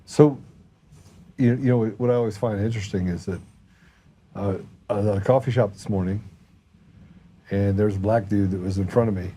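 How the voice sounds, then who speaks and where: A man's voice: lowish voice, a little fast, pauses often, slightly rough. A man hosting a podcast, telling a story in casual chat and quoting others in his own voice. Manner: animated anecdote teller, quotes people in his own voice. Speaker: podcast host.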